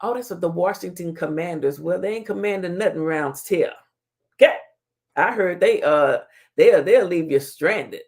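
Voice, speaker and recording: On her casual live-stream talk show, a woman reads comments aloud and trash-talks with a playful laugh, using Southern slang such as "child" and "honey." She speaks at a moderate pace in a fairly low, darkish voice.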